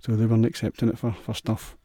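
A man's voice: fairly low pitch, completely flat delivery, quick pace, dark tone, no echo. A man with a Scottish accent hosting a solo podcast, rambling in a crude, sweary, offhand way. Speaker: podcast host.

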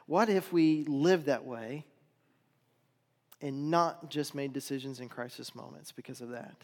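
A man's voice: medium pitch, a little mellow. A middle-aged man preaching a sermon as a pastor, talking in an earnest, conversational way and asking the congregation rhetorical questions. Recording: long hall reverb.

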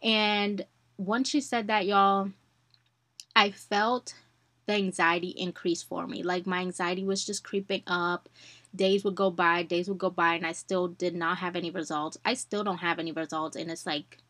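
A young woman hosting a podcast, telling a personal story in a chatty, animated way and calling her listeners y'all. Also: lowish voice, normal speed, dry recording. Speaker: podcast host.

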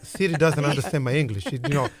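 A middle-aged man with a strong Sicilian Italian accent, Italian native, a restaurant owner answering interview questions in a halting way with many fillers. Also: a little high, faint music behind. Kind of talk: casual interview.

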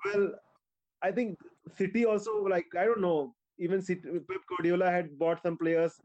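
A man's voice: sits high, steady tone, moderate pace, a little mellow. A man hosting a casual football discussion who moves the talk along and puts questions to the panel. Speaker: podcast host. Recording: dull lo-fi audio.

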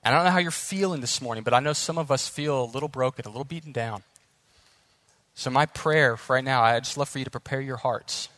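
A young man preaching a sermon as pastor, earnest and animated, speeding up as the story builds. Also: mid-range voice, fast, no echo.

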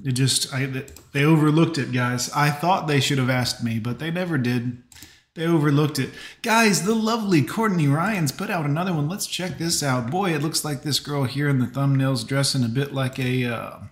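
A man's voice: on the high side, moderate pace. A man hosting a casual live reaction stream, chatting with viewers and giving blunt advice. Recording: roomy echo.

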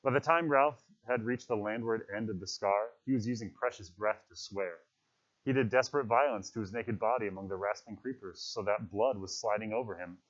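A man reading a novel aloud in steady, measured scripted narration. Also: on the low side. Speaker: audiobook narrator. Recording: dull lo-fi recording.

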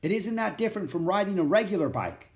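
A careful young boy speaks earnestly, worry edging his words, voiced by a man reading a storybook. His delivery moves with lively pitch. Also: fast. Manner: earnest, a bit worried. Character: cautious thoughtful young boy.

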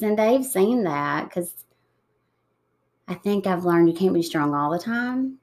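A woman in her thirties, soft-spoken and reflective, talking slowly with pauses in an emotional interview. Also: mid-range voice. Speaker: guest.

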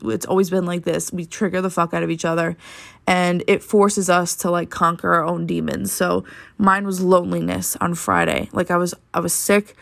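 A woman's voice: lowish voice, gravelly, fairly bright tone. A young woman hosting a solo podcast, talking candidly and ranting with lots of swearing and filler words. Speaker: podcast host. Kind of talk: casual solo podcast monologue.

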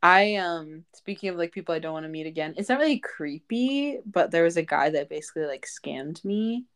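A woman's voice: lowish voice, lively intonation, fairly quick, a bit bright, clean tone. A young woman hosting a podcast, telling a story in casual chat, full of fillers and laughs. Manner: chatty storyteller, lots of "like" and laughs. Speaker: podcast host.

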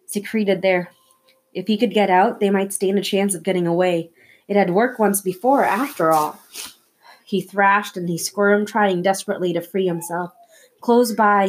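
A woman reading a wartime novel aloud, telling the story expressively with small slips and restarts. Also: mid-range voice. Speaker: audiobook reader.

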